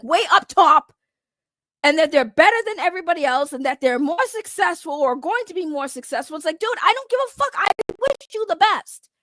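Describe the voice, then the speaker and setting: A woman YouTuber ranting in a heated, mocking, profane way to her viewers, often surging loud and fast. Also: very high voice, dry recording. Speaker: drama commentary YouTuber. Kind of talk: heated rant to camera.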